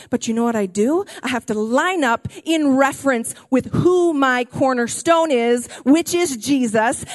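A woman pastor preaching a sermon in a church, animated and excitable, often raising her voice. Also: high voice, no echo, clean studio sound. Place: church auditorium.

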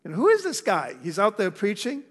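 A high-pitched man preaches in a loose, conversational way, often pausing to check in with his listeners. His voice rings out with a long reverb trailing behind it, as in a church hall. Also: wildly swooping pitch, a bit bright. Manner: conversational preaching, frequent "okay?" check-ins. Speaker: pastor. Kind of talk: sermon.

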